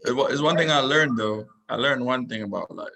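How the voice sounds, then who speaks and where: A man's voice: mid-range voice, a little fast, vocal fry, bright, forceful tone. A man in casual conversation as a podcast guest, laid-back, often starting his points with "listen" and reaching for analogies. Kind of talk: casual chat.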